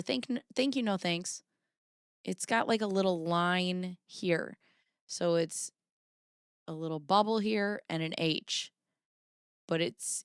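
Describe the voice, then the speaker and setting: A woman's voice: fairly low pitch, fairly bright tone, clean tone, no room sound, studio quality. A woman host in casual commentary, rambling and apologizing to herself while she compares handwriting on screen. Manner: rambling, self-interrupting, apologetic asides.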